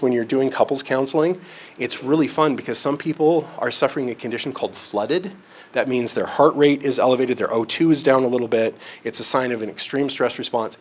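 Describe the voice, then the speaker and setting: A man giving a live presentation in a conference room, talking conversationally, often checking in with his listeners and using homely examples and self-deprecating humor. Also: mid-range voice. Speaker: presenter on relationships and counseling.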